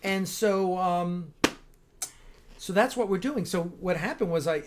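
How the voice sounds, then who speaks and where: A man's voice: high voice, unhurried, background noise. Enthusiastic rambling male host. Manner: rambling, enthusiastic, lots of restarts. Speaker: host of a fan-film livestream. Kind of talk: casual livestream chat.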